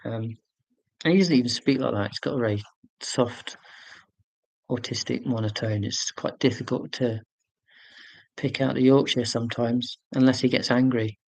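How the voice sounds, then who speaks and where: A man's voice: mid-range voice, normal speed, vocal fry, long pauses, no room sound, rough recording. A man in his forties hosting a casual live stream. He rambles chattily, answering viewer comments with fillers and self-corrections. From United Kingdom.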